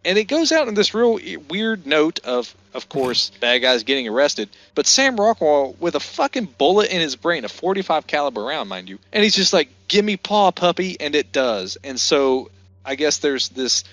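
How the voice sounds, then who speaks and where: A man's voice: mid-range voice, lively intonation, normal speed, fairly bright tone, dry recording. A man co-hosting a casual beer-and-movie podcast, retelling scenes and acting out the lines. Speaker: podcast co-host.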